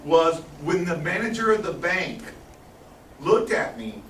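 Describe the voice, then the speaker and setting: Animated man telling a story, echoey room. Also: fairly high pitch. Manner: animated, laughing often, quick asides. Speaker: guest speaker. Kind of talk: storytelling talk to a live audience. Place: meeting room with audience. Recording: echoey room, far from mic, noisy.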